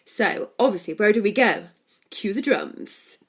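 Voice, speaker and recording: A woman's voice: mid-range voice, expressive, measured pace, husky. A woman, co-hosting a podcast and chatting casually about a film, retelling scenes and laughing often. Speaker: podcast co-host. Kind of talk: casual film review chat.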